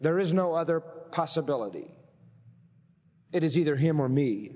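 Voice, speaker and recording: A man preaching a sermon in a church sanctuary, his somewhat high voice trailing off into a long hall reverb. He argues point by point and slows almost to a crawl to press home the key phrases. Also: animated, dark tone. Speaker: pastor.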